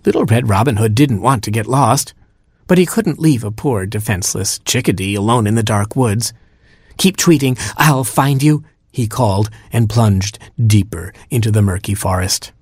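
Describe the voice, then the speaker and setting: A man narrating a children's story in a lively, playful reading style. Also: fairly low pitch, normal speed, breathy edge, dry recording, studio quality.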